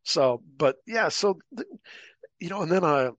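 A man's voice: fairly high pitch, unhurried, no echo. A middle-aged man, a former paramilitary officer, telling war stories casually as a podcast guest and acting out the voices of people he quotes. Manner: animated anecdotes, acting out quoted voices, laughing. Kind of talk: casual storytelling interview.

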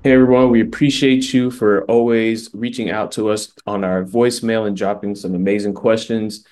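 A man reads the intro to a listener-question segment in an upbeat, scripted way. His voice sits a little on the low side. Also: fairly even intonation, normal speed, a little mellow. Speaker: show announcer.

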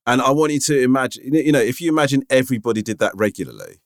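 A man's voice: mid-range voice, lively intonation, racing, dry recording, studio quality. A man co-hosting a podcast in casual chat, emphatic and exasperated, swearing freely. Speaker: podcast co-host.

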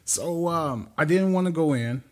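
A man with a somewhat high voice tells a story on a casual podcast. He acts out the people he quotes and laughs through his own telling. His delivery is lively and chatty. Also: unhurried. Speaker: podcast co-host.

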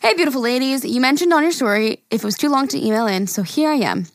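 A chatty woman podcast host reading listener messages aloud, her voice sitting a little high. She sounds close and dry on the mic, with no room around her. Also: lively intonation, quick pace, no echo. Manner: reads listener emails aloud, chatty and giggly. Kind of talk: casual podcast chat.

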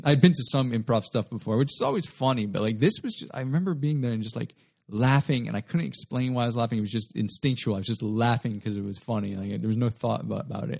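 A man's voice: mid-range voice, vocal fry, darkish tone. A young adult man, a guest comedian, telling a rambling story in a casual interview and often correcting himself mid-sentence.

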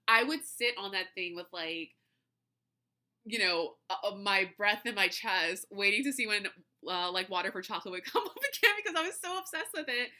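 Bright-voiced chatty woman podcaster. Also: mid-range voice. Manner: chatty, laughing often, full of fillers like "like" and "you know". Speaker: podcast host. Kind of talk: casual chat.

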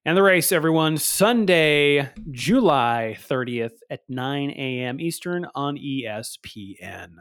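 A man's voice: mid-range voice, animated, slow pace, hardly any pauses, a bit bright, smooth. A man co-hosting a podcast in casual chat, playful and laughing, stumbling over hard names. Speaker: podcast co-host.

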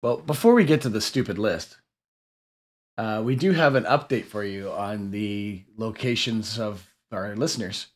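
A man's voice: lowish voice, measured pace. A man co-hosting a podcast in casual chat, wry and easily exasperated. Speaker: podcast co-host.

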